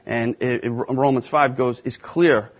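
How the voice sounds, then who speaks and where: A man preaching and teaching a Bible class, emphatic and deliberate, stressing key words with slow repetition. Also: mid-range voice, fairly even intonation. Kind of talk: sermon-style Bible teaching. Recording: dull lo-fi recording.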